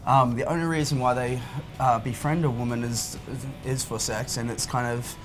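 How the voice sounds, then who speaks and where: A man's voice: mid-range voice, steady tone. Rambling man with music underneath. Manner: rambling, halting, many restarts. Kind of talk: casual panel chat.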